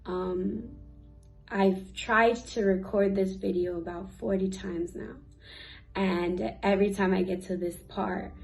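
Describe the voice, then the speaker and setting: A young woman sharing a personal faith testimony, earnest and emotional, pausing with fillers and sometimes teary. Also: medium pitch, vocal fry, a little mellow, low-quality recording. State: teary at times. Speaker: youth ministry speaker.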